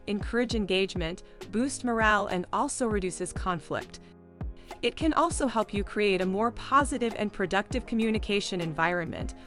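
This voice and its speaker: A woman narrating a scripted self-help lesson in a measured, list-like reading. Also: mid-range voice.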